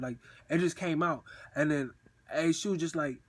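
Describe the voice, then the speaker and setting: A man's voice: fairly high pitch, fairly quick, a bit bright. Slangy young man telling a story. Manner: slangy, repeats himself, says "bro" a lot; acts out crying in bursts. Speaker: vlogger. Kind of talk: casual storytime.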